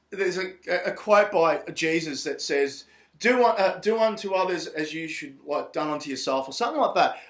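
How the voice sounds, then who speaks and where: A man rants in a rambling, profane way. His voice sits high for a man. The room around him is echoey. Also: fairly bright tone. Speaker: vlogger. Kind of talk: casual monologue to camera.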